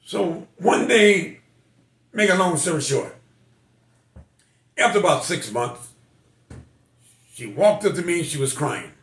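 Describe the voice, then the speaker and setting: A man's voice: on the high side, animated, takes it slowly, pauses often, roomy sound. An older man, a military veteran, telling personal stories in a folksy, emotional way. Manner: folksy, emotional storytelling with quoted voices. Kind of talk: personal storytelling.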